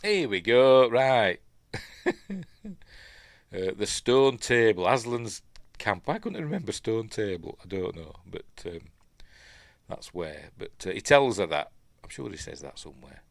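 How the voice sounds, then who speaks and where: A man's voice: lowish voice, expressive, measured pace, long pauses, no echo, clean studio sound. A man with a Yorkshire accent hosting a live film breakdown, chatting along and muttering asides under his breath. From Yorkshire, England. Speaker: film review host.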